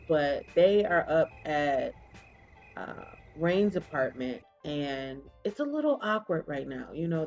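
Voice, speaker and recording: A chatty woman telling a story in a relaxed, casual way, laughing often as she goes. Her voice sits on the low side, with faint music in the background.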